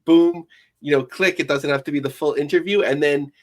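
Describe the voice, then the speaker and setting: A man co-hosting a podcast, asking relaxed questions and thinking aloud with fillers. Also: fairly high pitch, fairly quick, creaky. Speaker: podcast co-host. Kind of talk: casual podcast interview.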